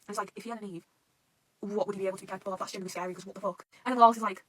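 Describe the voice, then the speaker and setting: Young woman reacting to manga, talks super fast, bright tense voice, swears a ton. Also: medium pitch, low-quality recording. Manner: gushing, excitable, swears a lot. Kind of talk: casual fan reaction chat.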